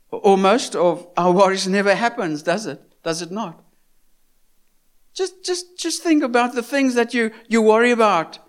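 A man preaching a sermon in an earnest, repetitive manner, full of rhetorical questions and stumbling restarts. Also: sits high.

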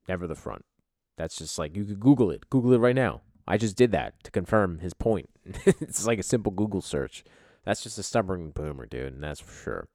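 Very deep gravelly laid-back male host. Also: no echo, clean studio sound. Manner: laid-back, says "dude". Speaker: podcast host. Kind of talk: casual chat.

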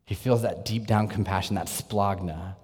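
Male preacher, lowish register, earnest sermon delivery with quiet intense drops, long hall reverb. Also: normal speed, breathy edge. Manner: earnest preaching, swings from energetic to hushed and intense.

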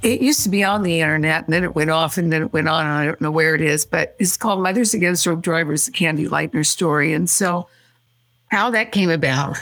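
An older woman from California, a guest in an interview, telling her story quickly and acting out what people said. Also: low-pitched, faint music behind. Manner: animated, quick storyteller who acts out quotes.

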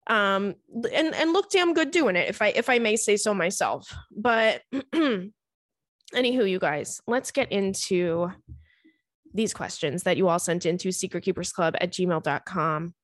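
A woman's voice: mid-range voice, animated, measured pace, no echo. A young woman hosts a casual podcast, chatty and loose, dropping swear words as she tells funny stories about her week. Her voice sits in a middle register and is recorded dry and close. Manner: chatty, swears freely, laughs through stories. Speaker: podcast host. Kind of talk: casual chat.

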